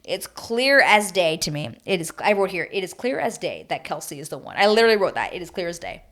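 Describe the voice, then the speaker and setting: A woman giving a chatty, animated recap of a reality TV season, acting out her own reactions as she goes. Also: fairly low pitch, brisk. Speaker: TV recap host.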